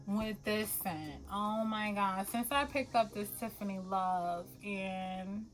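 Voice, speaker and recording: A woman talking casually to the camera as a perfume vlogger, animated and quick to laugh, often calling her viewers y'all. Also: mid-range voice, faint music behind, rough recording.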